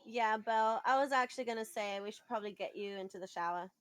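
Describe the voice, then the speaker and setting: A woman playing in a tabletop game, speaking calmly and gently. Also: mid-range voice, quick pace, clean tone. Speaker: player. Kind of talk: in-character tabletop play.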